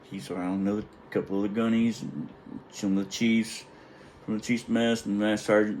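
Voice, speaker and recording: A man's voice: on the low side, fairly even intonation, moderate pace, a little mellow, a little hiss or hum, low-quality recording. A middle-aged man, a retired Navy chief, telling a wry and profane story in a casual, rambling way. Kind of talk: casual anecdote.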